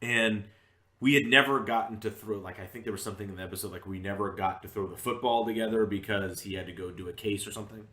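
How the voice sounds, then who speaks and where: A man's voice: fairly low pitch, quick pace, bright, forceful tone. A man co-hosting a podcast, telling a story in casual chat, acting out the people he quotes and laughing often. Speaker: podcast co-host. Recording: roomy echo.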